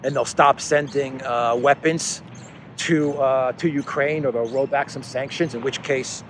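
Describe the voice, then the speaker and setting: A man's voice: medium pitch, steady tone, a little slow, noisy background. A man delivers an unscripted commentary monologue in a loose, conversational way. His tone runs sarcastic and exasperated, and he readily mocks the officials he talks about. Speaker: political commentary host.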